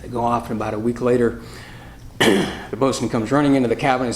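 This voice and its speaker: A man's voice: medium pitch, fairly even intonation, brisk. A man teaching a Bible study in a jovial, anecdotal way, reading and explaining verses. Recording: roomy room echo, faint noise.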